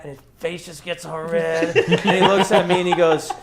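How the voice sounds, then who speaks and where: A young man on a podcast, telling a college baseball story in a casual, animated, profane way and acting out the dialogue. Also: high voice, brisk, few pauses, over a noisy crowd. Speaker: podcast guest, former college catcher.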